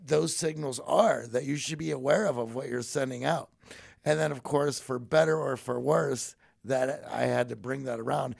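A man's voice: mid-range voice, creaky. A man in his forties from Pittsburgh, a podcast guest telling earnest, reflective stories about himself in a conversational way. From Pittsburgh, USA. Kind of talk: conversational storytelling.

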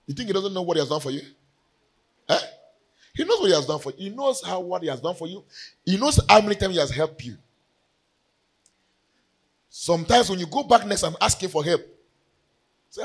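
A man preaching a sermon, swinging from loud cries to hushed lines. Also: a little high, expressive, normal speed, pauses often, breathy edge, low-quality recording.

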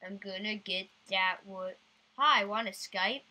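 A woman's voice: medium pitch, unhurried, pushed and bright, low-quality recording. A woman doing goofy let's-play commentary, bursting into sudden squeals. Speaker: gamer.

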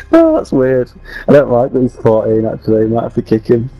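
Lively lad swearing at teammates. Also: male voice, medium pitch, no echo, rough recording. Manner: crude, teasing banter. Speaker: online game player. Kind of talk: casual gaming chat.

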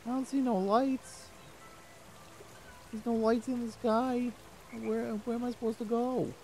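A man doing a whiny, lost, high-pitched wanderer. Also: fairly even intonation, unhurried, a little mellow, a little hiss or hum. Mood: bewildered. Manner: plaintive and bewildered.

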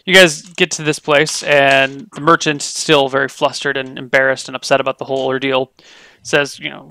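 A man's voice: medium pitch, little pitch movement, moderate pace, bright, forceful tone, clear, resonant tone. A man running a tabletop game as game master, narrating and asking players about their actions.

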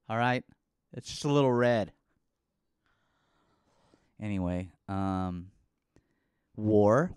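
A man's voice: medium pitch, clean tone, dry recording, studio quality. Young male podcast host, profane sarcastic rambler, resonant tone. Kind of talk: casual solo podcast monologue.

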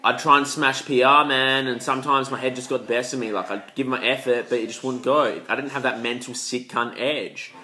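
A young man talks straight to camera in a loose, rambling vlog, swearing constantly and throwing in lots of slang. His voice has a bright, forceful edge that cuts through. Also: medium pitch, brisk, few pauses. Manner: profane, rambling, slangy, animated. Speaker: vlogger.

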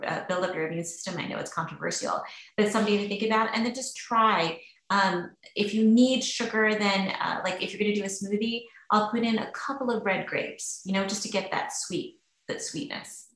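A woman's voice: mid-range voice, fairly quick, a bit bright. A woman physician answering webinar questions in a casual, chatty way with many fillers. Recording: roomy echo.

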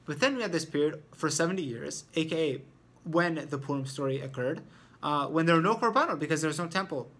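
A man's voice: a little high, fast, a bit bright. A man teaching an informal Torah lesson who explains step by step and thinks aloud as he talks.

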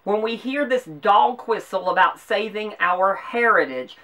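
Southern-accented woman host, bright, forceful tone, earnest commentary, set a little back from the mic. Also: mid-range voice, lively intonation, distant mic. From American South. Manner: earnest, emphatic, with measured pauses. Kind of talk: opinion commentary.

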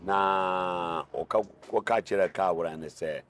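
An older man from Ghana with a Ghanaian accent, a veteran cargo driver who is the guest in an interview, telling his stories in an animated way and repeating words for stress. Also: deep voice, takes it slowly, a little hiss or hum. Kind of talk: casual interview talk.

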